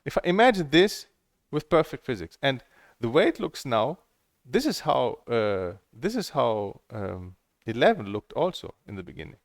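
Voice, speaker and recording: A man's voice: mid-range voice, sing-song, moderate pace, dry recording, clean studio sound. A middle-aged man, a table tennis coach, rambling candidly through stories and plans, swearing freely as he talks. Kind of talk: casual rambling monologue.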